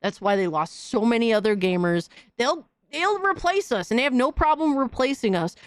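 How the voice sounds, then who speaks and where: A woman's voice: on the high side, sing-song, normal speed, no room sound. A woman hosting a podcast, delivering a heated, profane, slang-filled rant in casual commentary. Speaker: podcast host.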